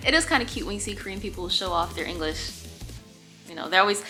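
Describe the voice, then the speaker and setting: A bright, clear-voiced woman tells a personal story straight to camera in a loose, chatty way. She slips into little character voices for the people she quotes, and soft music plays faintly underneath. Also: mid-range voice, fast. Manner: animated, acts out quoted voices. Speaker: vlogger. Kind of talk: casual storytime vlog.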